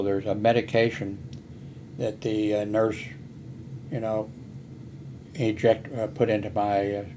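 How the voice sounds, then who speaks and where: Older man, hard of hearing, low even voice, meandering storyteller, faint background hiss. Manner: meandering, many fillers and restarts. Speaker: vlogger. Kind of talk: rambling personal story.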